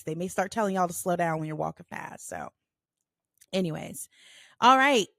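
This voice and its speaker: A woman in her thirties hosting a casual solo podcast, telling stories in an animated, blunt way with plenty of swearing. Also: fairly high pitch, dry recording, studio quality. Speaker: podcast host.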